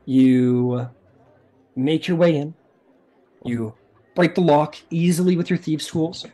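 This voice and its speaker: A man running a tabletop game, explaining the rules and narrating scenes in a loose, rambling way. His voice sits a bit high for a man. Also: slow pace, warm tone. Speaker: game master.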